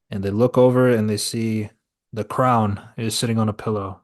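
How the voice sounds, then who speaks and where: A man with a fairly low voice walks through a film's plot scene by scene. He is loose and conversational, often restarting his sentences as he tells the story. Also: fairly even intonation, normal speed. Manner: storytelling, laid-back, many filler restarts. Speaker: podcast host reviewing a film. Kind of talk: casual scene-by-scene recap.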